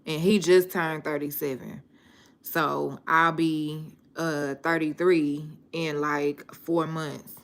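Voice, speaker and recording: A woman talks casually to her viewers. She takes her time and tells her stories in a relaxed, slangy way. Her voice sits a little low. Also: slow pace. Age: 30s. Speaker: vlogger.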